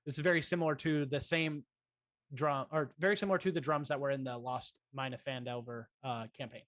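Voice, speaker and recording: A man running a tabletop game as dungeon master, talking in a relaxed, halting way with many fillers and restarts. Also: mid-range voice, no room sound.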